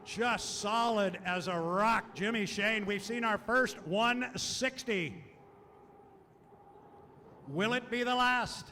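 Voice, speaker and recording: High, bright excited race announcer man. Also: takes it slowly, long pauses, slight background noise. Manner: excited, shouting at peaks of action. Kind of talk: live race commentary.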